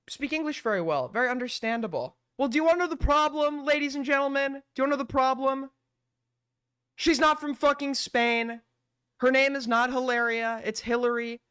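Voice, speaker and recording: A man's voice: very high voice, sharp tone, clear, resonant tone, no room sound, studio quality. A man ranting through a live stream commentary, exasperated and full of swearing.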